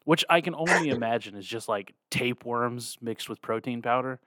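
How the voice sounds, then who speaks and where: A man's voice: mid-range voice, lively intonation, moderate pace, bright, forceful tone, no echo. Casual young male podcast host, laid-back, dry close sound. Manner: laid-back, says "dude" and "like" a lot. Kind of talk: casual chat.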